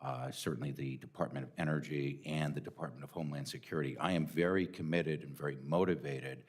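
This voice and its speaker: A man with a very deep voice gives formal testimony at a desk microphone in a hearing room. He is measured and earnest, pausing on hesitant fillers. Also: fairly even intonation, a little mellow, slightly rough. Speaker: nominee testifying.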